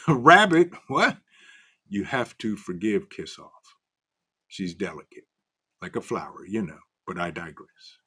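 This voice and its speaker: Male stream host, slow-paced, bright and animated. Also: low-pitched, husky. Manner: greets chat viewers by name, animated and loose. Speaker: livestream host. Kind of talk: casual livestream chat reading comments.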